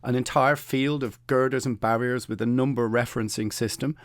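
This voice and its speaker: A man's voice: medium pitch, fairly even intonation, a little fast, no echo. A middle-aged Irish man hosting a solo podcast rant, opinionated and sardonic with mocking asides. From Ireland. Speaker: podcast host.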